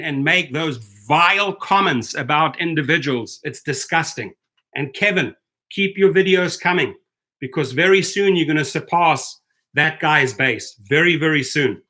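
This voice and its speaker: Sharp-toned and somewhat high, this man's voice moves at a moderate pace. He's the host of a rideshare driver channel, heatedly ranting over livestream chat with stammered restarts.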